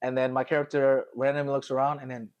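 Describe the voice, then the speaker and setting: A young man hosting a podcast, chatting casually and telling lively stories while mimicking other people's voices. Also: mid-range voice, fast. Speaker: podcast host. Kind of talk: casual chat.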